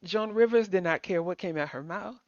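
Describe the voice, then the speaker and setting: A woman's voice: lowish voice, brisk, a little mellow, dry recording, highs cut off. A sassy, chatty woman hosts a livestream, calling her viewers honey and sugar. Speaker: livestream host. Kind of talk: casual chat to live viewers.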